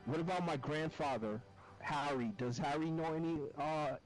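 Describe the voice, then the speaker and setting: A man's voice: fairly high pitch, normal speed, music in the background, low-quality recording. A man in casual game voice chat, talking in a defensive, profane way.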